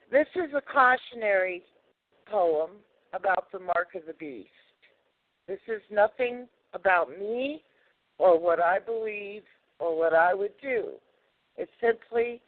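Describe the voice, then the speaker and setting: A man speaks slowly in a fairly high voice, soft-spoken and apologetic as he chats on a call-in radio show. The sound is dry and thin, like a phone line. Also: dry recording. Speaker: regular caller and poet. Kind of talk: casual call-in radio chat.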